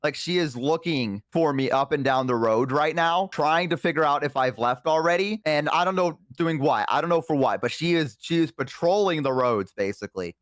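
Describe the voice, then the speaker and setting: A man's voice: dry recording, studio quality. A young man telling a casual anecdote on a stream, acting out the voices in it with hesitant, rising lines. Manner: animated storytelling, acting out quoted lines with rising pitch and hesitations. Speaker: storyteller guest.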